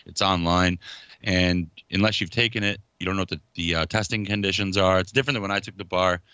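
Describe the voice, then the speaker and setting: Chatty man with a bright, dry voice. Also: low voice, fast, clean tone, no echo, dull audio. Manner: rambling, animated, yells to family off-mic. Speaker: podcast host. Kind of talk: casual chat.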